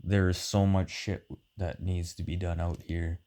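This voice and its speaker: A man's voice: low-pitched, flat delivery, unhurried, mellow. A man chatting casually with his wife, loose and joking, swearing freely and laughing often. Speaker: co-host of a couple's chat vlog. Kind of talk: casual chat.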